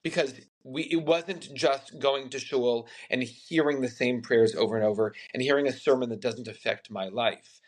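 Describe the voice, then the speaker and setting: A man's voice: mid-range voice, normal speed, hardly any pauses. Candid man telling his own story. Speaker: podcast host. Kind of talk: casual interview conversation.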